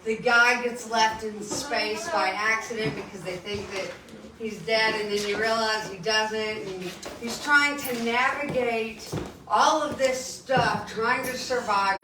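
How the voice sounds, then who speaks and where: A woman bookstore owner telling an animated story at a live book event. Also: fairly high pitch, a little slow. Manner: animated retelling, laughs into quotes. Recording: echoey room, distant mic, faint noise.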